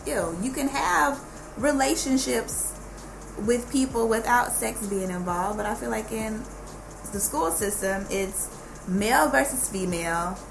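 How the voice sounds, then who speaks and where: A woman's voice: a little high, unhurried, vocal fry. A woman from Dallas with a Southern accent, a podcast guest who talks bluntly and emphatically and swears freely. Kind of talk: casual podcast chat. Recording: noisy studio room.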